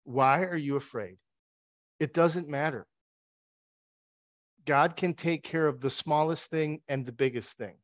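A man's voice: fairly high pitch, measured pace, pauses often, dry recording. A man preaching a conversational sermon. He retells the story with wry asides and rhetorical questions.

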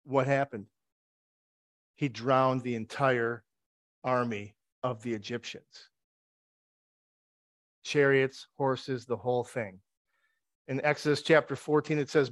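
A man's voice: mid-range voice, steady tone, slow, pauses often, dry recording, clean studio sound. A man preaching a conversational sermon. He retells the story with wry asides and rhetorical questions.

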